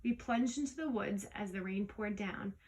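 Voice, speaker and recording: A woman reading a storybook aloud in the first person, lively, with small slips that she corrects as she goes. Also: medium pitch, normal speed, poor audio. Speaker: audiobook reader. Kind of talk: storybook read-aloud narration.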